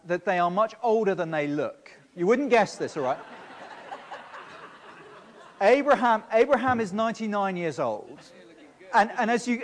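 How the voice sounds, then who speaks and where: A man preaching a sermon, speaking to the children directly and often repeating words as he starts phrases. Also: high voice. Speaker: pastor. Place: church. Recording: long reverb of a church hall.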